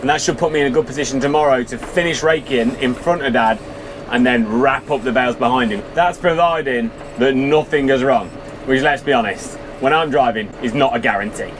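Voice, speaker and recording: A man's voice: medium pitch, brisk, a little hiss or hum. A man, chatting casually as he films his farm work, rambling and poking fun at himself. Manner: chatty, rambling, self-deprecating. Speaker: farmer vlogger. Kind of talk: casual vlog commentary. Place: outdoors on a farm and in a tractor.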